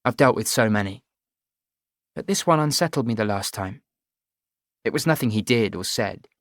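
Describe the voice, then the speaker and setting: A man narrating a first-person audiobook in a measured, even storytelling voice. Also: lowish voice, no echo, studio quality.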